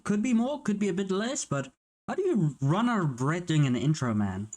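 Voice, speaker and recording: A man's voice: high voice, big pitch swings, normal speed, darkish tone. A man hosting a reaction video, chatting casually and rambling, with the odd swear. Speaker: reaction channel host.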